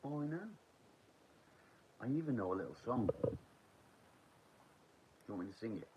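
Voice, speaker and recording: A man's voice: on the low side, big pitch swings, normal speed, background noise. A man in his forties chatting casually on a live stream, rambling, swearing freely and answering his viewers. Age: 40s.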